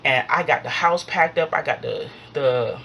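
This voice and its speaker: A woman tells a storytime vlog in a low, full voice. She is animated and acts out every quoted line as she goes, with a faint hiss behind her. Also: moderate pace, vocal fry. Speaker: vlogger.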